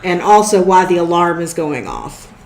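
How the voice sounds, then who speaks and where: A woman with a lowish voice runs a tabletop game as game master. She narrates in a loose, easygoing way, full of fillers, and her voice carries a roomy echo. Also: big pitch swings, moderate pace, a little mellow. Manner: loose, with frequent fillers and restarts.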